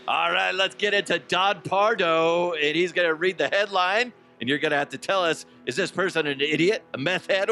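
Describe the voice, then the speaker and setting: A man putting on a loud game-show announcer voice, calling out a quiz segment. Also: a little high, pitched above the performer's own voice, heavily acted. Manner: loud, emphatic announcer delivery.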